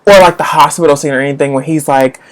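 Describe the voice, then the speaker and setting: Low-voiced woman gushing about books. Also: fast. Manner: gushing, rambling, jumps to high squeals when excited. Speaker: book vlogger. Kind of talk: casual live-chat book talk.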